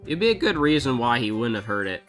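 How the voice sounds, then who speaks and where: An earnest young defense lawyer, as a woman reads the part in a low, lively voice. She puts her questions plainly and matter-of-factly. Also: fast talker, soft background music. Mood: questioning.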